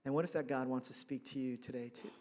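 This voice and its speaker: A man preaching a sermon, telling a personal story in a lively, conversational way and acting out his own reactions. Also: medium pitch, fast talker. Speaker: pastor. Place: church sanctuary. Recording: reverberant hall.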